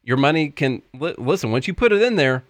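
A man's voice: a little high, sing-song, fairly quick, no room sound. A man with a Tennessee accent, co-hosting a casual podcast and reading an ad in a folksy, joking way. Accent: Southern US (Tennessee). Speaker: podcast co-host. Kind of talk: casual chat and ad read.

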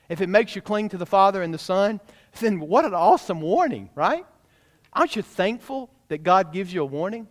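A man's voice: high voice, in a large hall. A man preaching a sermon as pastor, emphatic and direct, often asking the congregation questions. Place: church sanctuary.

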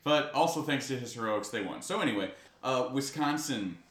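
A man jokes his way through a casual sports podcast chat. His pitch swings around in a lively way. The room gives his voice a noticeable echo. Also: normal speed. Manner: joking, playful. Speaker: podcast co-host. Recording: roomy echo.

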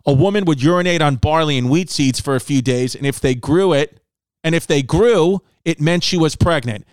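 Brash, foul-mouthed comedian, fairly high-voiced. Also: male voice, normal speed, clear, resonant tone, no room sound. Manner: loud, brash, swears a lot, animated voices for others. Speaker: comedian podcast host. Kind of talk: crude comedic podcast riffing.

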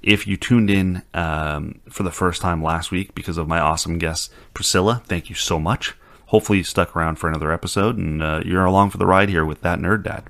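A man's voice: sits low, steady tone, brisk, gravelly, a bit bright. A man hosting a podcast, chatting in a rambling, easygoing way with casual swearing. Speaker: podcast host. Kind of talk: casual podcast chat and outro. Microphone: studio mic with headphones.

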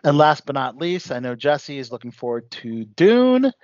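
A man hosts a casual chat about new movies, chatty and full of asides. His voice is a little high and moves around a lot. The recording is dry and dull, lo-fi. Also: big pitch swings, normal speed, dry recording. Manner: chatty, many fillers and "you know". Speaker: host. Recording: dull lo-fi sound.

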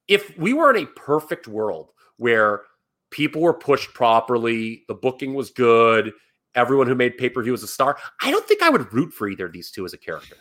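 A man's voice: medium pitch, pushed and bright. A man co-hosting a casual wrestling podcast, critical and emphatic, swearing as he rants about a match finish. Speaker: podcast co-host.

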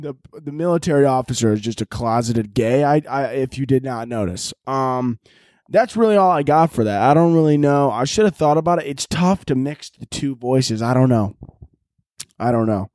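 A man's voice: medium pitch, animated, moderate pace, a little mellow, no room sound, clean studio sound. Joking young man hosting a podcast. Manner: rambling, joking, crude. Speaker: podcast host. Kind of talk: casual solo podcast chat.

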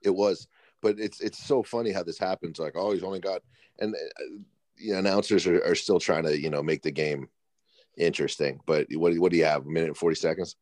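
A man co-hosting a casual podcast, emphatic and halting, often restarting his sentences. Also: sits low, fairly even intonation, a little mellow, no room sound, clean studio sound. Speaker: podcast co-host.

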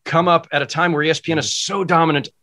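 A man who is a guest sportswriter, with a bright, forward voice pitched a little high. He speaks in a reflective, heartfelt way in casual chat. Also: fairly even intonation, fast talker.

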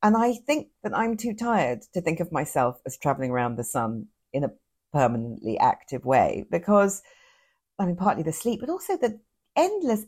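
A woman's voice: mid-range voice, darkish tone, slightly rough. A woman co-hosting a casual podcast chat, with wry, drily exaggerated rants. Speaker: podcast co-host.

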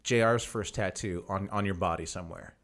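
A man hosting a casual podcast chat, telling stories in an animated way and often laughing through his lines. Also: low-pitched, fairly quick. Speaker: podcast host.

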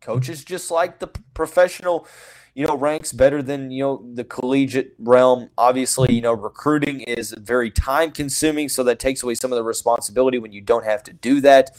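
A man's voice: mid-range voice, fairly quick, darkish tone. A man hosting a solo sports podcast, giving frank opinions in a loose, rambling way full of "you know" fillers. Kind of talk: casual solo sports commentary.

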